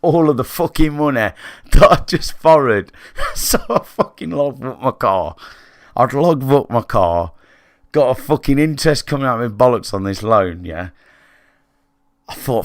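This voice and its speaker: A man's voice: mid-range voice, lively intonation, unhurried, dry recording, studio quality. A British man livestreaming, telling a candid story to his chat in a blunt, sweary, conversational way and checking in with listeners. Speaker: gaming livestreamer.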